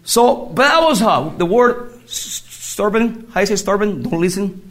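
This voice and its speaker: Animated man telling a lively testimony. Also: sits high, a little hiss or hum. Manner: animated storytelling in halting English. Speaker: testimony speaker. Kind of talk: personal faith testimony.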